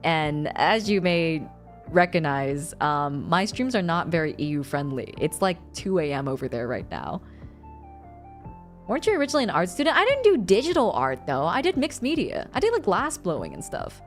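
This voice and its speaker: Lively young woman chatting on stream. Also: on the low side, moderate pace, soft background music. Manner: animated, laughs often, reads chat aloud. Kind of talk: casual live-stream chat.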